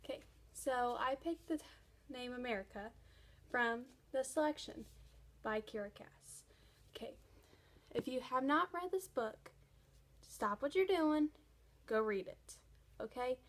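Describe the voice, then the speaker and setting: A woman's voice: high-pitched, lively intonation, a little slow, long pauses. A young woman vlogging casually about a book series she loves, gushing with enthusiasm. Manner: gushing, enthusiastic fan talk. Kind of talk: casual chat.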